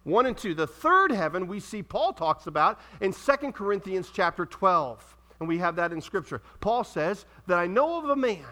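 A man preaching a sermon in a church, reading scripture aloud and calling out questions to the congregation with dramatic pauses. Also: high voice, lively intonation, sharp tone. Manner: preaching with dramatic pauses and audience call-outs. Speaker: pastor.

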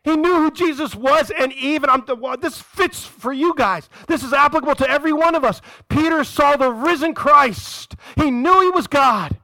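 A male pastor delivers an animated sermon in a notably high, bright voice. He tells the story with energy and slips into the voices of the people he quotes. The sound is close and dry, with little room echo. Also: moderate pace, few pauses.

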